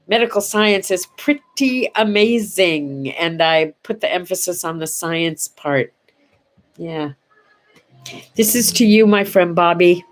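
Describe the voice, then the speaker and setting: Older female host, unhurried chatty delivery, soft on personal memories. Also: fairly low pitch. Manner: chatty, warm-hearted, goes quiet and soft on sad memories. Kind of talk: casual morning chat to camera.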